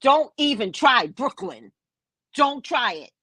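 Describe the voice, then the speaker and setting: A woman talks casually to her live-stream viewers from home, reading their comments and answering them as she goes. Her voice is breathy and sweeps widely up and down in pitch. She speaks at an unhurried pace, close to the mic in a dry room. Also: very animated, bright, forceful tone, no echo, low-quality recording. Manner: chatty, reads and answers comments aloud. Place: at home by the kitchen table.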